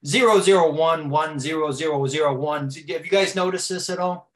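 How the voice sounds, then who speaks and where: A man's voice: a little high, normal speed, fairly bright tone, close to an everyday voice. A man playing a brash, rambling tough-guy co-host with a mobster swagger. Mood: boastful. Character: brash rambling male mob-style co-host. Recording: roomy echo.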